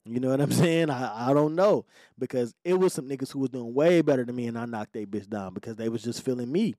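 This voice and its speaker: A man's voice: medium pitch, quick pace, dark tone, no room sound, studio quality. Blunt, profane man telling a story. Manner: profane, blunt, laid-back, with many "you know what I'm saying" tags. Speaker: podcast host. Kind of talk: candid personal storytelling. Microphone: podcast microphone.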